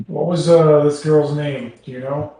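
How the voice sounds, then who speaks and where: A man's voice: a little high, fairly even intonation, measured pace, mellow. A man playing a tabletop game, easygoing and playful. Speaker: player. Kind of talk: tabletop role-play. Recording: very echoey room.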